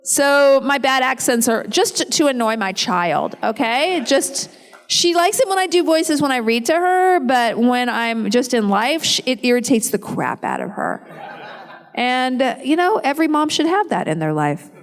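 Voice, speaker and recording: A woman's voice: high voice, big pitch swings, normal speed. Chatty woman answering fans in a hall. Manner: chatty, self-deprecating, laughs often. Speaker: convention panel guest. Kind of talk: fan Q&A panel. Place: large convention hall. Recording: long hall reverb.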